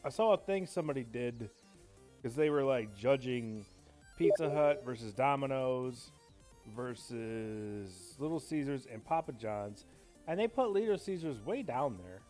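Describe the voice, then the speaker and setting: A man with a mid-range voice talks a little slowly while streaming a game, faint game music playing behind him. His casual chat is rambling, profane, and excitable.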